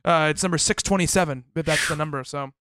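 A man's voice: a little high, fast, sharp tone, no echo. A man co-hosting a casual podcast chat, reading off a release list and laughing often. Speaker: podcast co-host.

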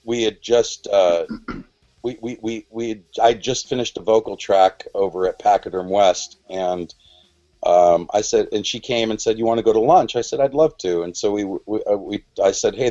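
A man's voice: on the low side, normal speed, mellow, dull audio. A man in his forties telling a story on a podcast, rambling and restarting, acting out quoted lines. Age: 40s. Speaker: podcast guest. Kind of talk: casual storytelling.

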